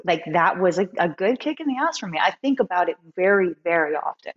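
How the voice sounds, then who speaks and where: A woman guest musician telling a personal story in a candid interview, animated and full of fillers. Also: fairly low pitch, quick pace, muffled recording.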